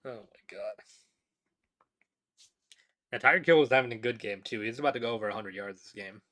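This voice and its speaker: Bright-toned man rambling about football. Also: mid-range voice, fairly quick. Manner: rambling, many fillers and restarts. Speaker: podcast host. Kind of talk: casual sports talk.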